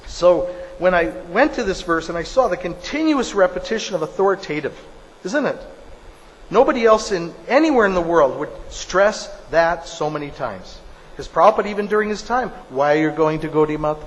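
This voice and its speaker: A man's voice: high-pitched, expressive, moderate pace. Emphatic male preacher in a reverberant hall. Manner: emphatic, storytelling, repeats phrases for stress. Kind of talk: sermon.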